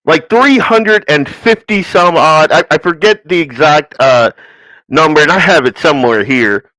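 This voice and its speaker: A man's voice: on the high side, normal speed, bright, forceful tone, no room sound, low-quality recording. A man hosting a political commentary podcast who talks in a ranting, sarcastic way, with mocking asides and put-on quotes. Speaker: podcast host.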